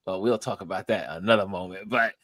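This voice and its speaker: A fast-talking man with a lowish voice hosts a live stream, recorded dry. Chatting casually, he tells stories with energy and performs the lines of the people involved.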